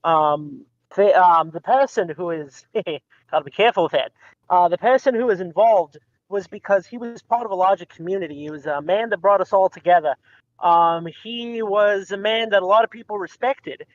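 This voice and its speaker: A high-pitched American man appears as a podcast guest on an online voice call, chatting casually at a moderate pace. He rambles, often saying um and restarting, and the dull, lo-fi call audio has no echo.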